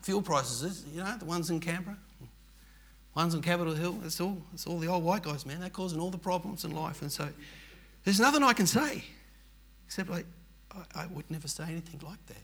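A man's voice: a little high, a little fast, fairly bright tone, breathy edge. An older man with an Australian accent, telling a personal story in an earnest, rambling, emphatic way. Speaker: churchgoer telling his story.

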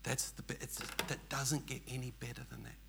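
An older Australian man tells his own story with a gravelly, creaky edge to his voice. He speaks earnestly and emphatically, and his sentences ramble and circle back. A faint hiss sits under the recording. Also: medium pitch, level tone, moderate pace. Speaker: churchgoer telling his story. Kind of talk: personal testimony storytelling.

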